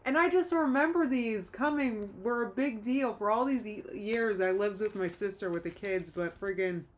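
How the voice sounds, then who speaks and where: A woman's voice: mid-range voice, normal speed. Female streamer, casual rambling chat, sentimental, talks straight to viewers. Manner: rambling, reads chat comments aloud, restarts often; nostalgic and emotional. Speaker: livestream host.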